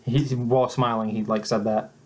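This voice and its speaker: A young man tells a mock-serious story in a flat, deadpan way, often stopping and restarting his sentences. His voice sits in the middle of the male pitch range. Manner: halting and deadpan, with many restarts. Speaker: vlogger.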